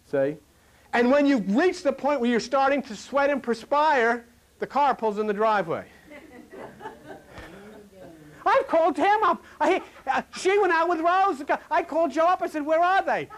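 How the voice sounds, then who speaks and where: A man preaching a sermon to a live congregation in a folksy storytelling way, asking the audience questions and swinging between loud lines and a low murmur. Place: hall before a live congregation.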